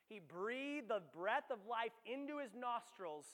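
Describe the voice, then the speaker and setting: A man's voice: extremely high pitch, lively intonation, measured pace, fairly bright tone, in a large hall. A young adult man preaching a sermon as pastor, conversational and then emphatic, with frequent tag questions. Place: church.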